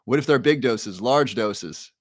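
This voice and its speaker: A man's voice: mid-range voice, expressive, unhurried, no room sound. Dry-sounding male live-stream host. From Ohio. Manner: reads viewer names and questions from chat aloud. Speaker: livestream host. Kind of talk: casual live-stream chat.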